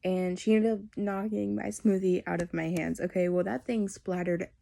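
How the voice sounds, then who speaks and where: A woman's voice: mid-range voice, steady tone, moderate pace, creaky, mellow. A teenage woman, telling a personal story in a candid, rambling way. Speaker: vlogger.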